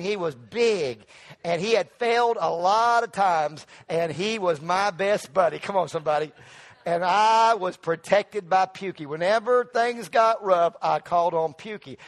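A middle-aged male pastor with a high voice preaches a sermon in a church sanctuary. He urges the congregation to call back to him and builds toward loud, emphatic peaks.

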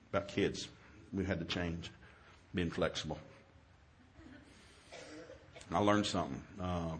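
A middle-aged man preaching a humorous sermon, telling stories with jokey, animated delivery and sudden loud exclamations. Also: deep voice, a little hiss or hum.

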